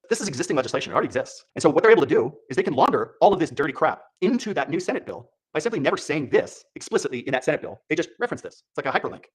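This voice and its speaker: A man hosting political commentary, heated and scornful, breaking down clips and mocking the people in them. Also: on the high side. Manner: heated, scornful, mocks others in put-on voices. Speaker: commentary host.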